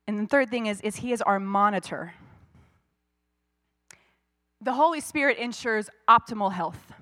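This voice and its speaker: A woman's voice: a little high, a bit bright. A woman pastor preaching a sermon in a church, conversational at times and rising to fervent emphasis.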